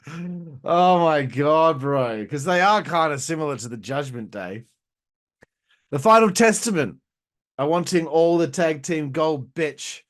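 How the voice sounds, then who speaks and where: Sweary, rambling man reviewing wrestling. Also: fairly high pitch. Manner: rambling, sweary, laughs at his own jokes. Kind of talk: casual profane video review.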